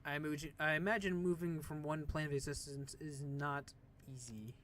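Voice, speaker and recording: A man's voice: on the high side, fairly even intonation, normal speed, few pauses, fairly bright tone, a little hiss or hum. A man casually reading a video game's dialogue aloud, stumbling over words and tossing in profane asides. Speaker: let's play host. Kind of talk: casual let's play commentary, reading game dialogue aloud. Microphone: desk microphone.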